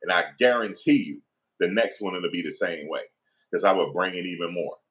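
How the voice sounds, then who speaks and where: A man's voice: low-pitched, brisk. Heated New man ranting. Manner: emphatic, profane, repetitive, animated rant. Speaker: commentator. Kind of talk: heated opinion commentary.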